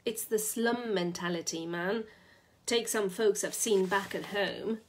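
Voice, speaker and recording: A woman's voice: mid-range voice, unhurried, slight background noise, lightly acted. A woman playing a proud young Jamaican man. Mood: superior. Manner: earnest, slightly superior.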